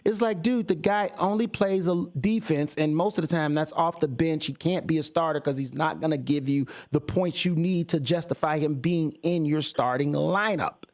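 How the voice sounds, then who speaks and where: A man's voice: on the high side, normal speed, few pauses, a little mellow. A man hosting a sports talk radio show, ranting with passion and exasperation from a radio studio.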